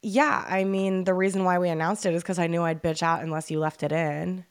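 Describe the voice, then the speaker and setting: A woman's voice: fairly low pitch, steady tone, brisk, clear, resonant tone. A woman co-hosts a podcast in loose, casual chat. She is blunt and swears freely, with wry self-mocking jokes. Under the jokes she is grieving and fighting back tears. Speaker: podcast co-host.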